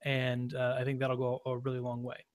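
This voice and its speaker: Earnest dad, mid-pitched. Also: male voice, completely flat delivery, moderate pace, a little hiss or hum. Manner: earnest, stumbling restarts. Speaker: podcast co-host. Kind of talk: casual chat.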